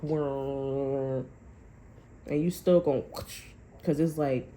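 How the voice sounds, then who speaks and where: Speaking extremely slowly with long pauses, a woman with a deep, steady, mellow voice gives her viewers a loose tarot reading. She curses freely and chats along, full of fillers and restarts.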